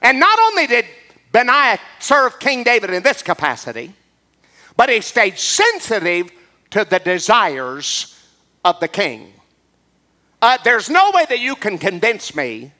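A man preaching a sermon as pastor, impassioned and building up to shouts. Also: high voice.

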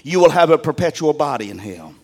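An older man, a pastor, preaching a sermon in a plain-spoken folksy way, swinging between loud outbursts and quiet, low passages. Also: big pitch swings, a little fast.

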